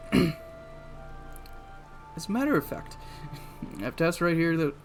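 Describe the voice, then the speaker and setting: A man voicing a brusque female ranch boss in a put-on rough Cockney-style accent, reading game dialogue aloud with slips. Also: fairly high pitch, big pitch swings, soft background music, voice pushed up, full character voice. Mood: gruff. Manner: halting read with slips and laughter.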